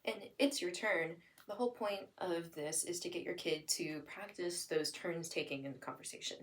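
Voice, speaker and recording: This young adult instructor has a fairly low voice and moderate pace, recorded on a slightly distant mic. She demonstrates listening and spoken language strategies, giving plain explanations and then playful, sing-song examples aimed at a child.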